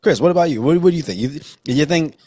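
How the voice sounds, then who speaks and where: A man co-hosting a casual movie podcast, talking in an animated way and steering the discussion. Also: on the high side, very fast. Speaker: podcast co-host.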